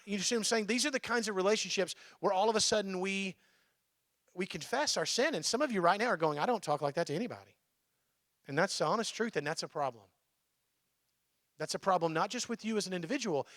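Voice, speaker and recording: A man's voice: sits high, a bit bright, no room sound, studio quality. A male pastor giving a conversational sermon in church, often checking in with his listeners.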